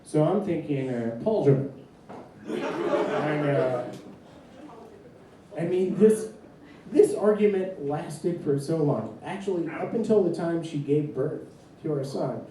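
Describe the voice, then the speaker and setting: A young man doing a stand-up comedy set in a club, with a halting, deadpan delivery full of fillers. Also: on the high side, slight background noise. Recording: distant mic in echoey club with crowd. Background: audience laughter.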